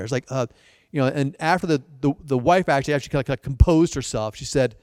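A man's voice: mid-range voice, quick pace, darkish tone, no room sound, studio quality, big-room sound. A male pastor giving a sermon, telling stories with repeated restarts and playful asides.

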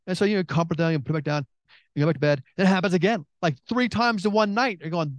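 A middle-aged man preaching a sermon, emphatic and repetitive, swinging between excited bursts and hushed intensity. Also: high-pitched, brisk, dry recording. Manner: repeats phrases and restarts.

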